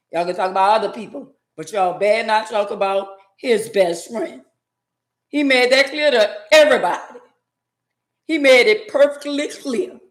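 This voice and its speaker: A woman's voice: a little high, a bit bright, roomy sound. Blunt woman talking back to chat. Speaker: live-stream host. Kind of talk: casual live-stream commentary.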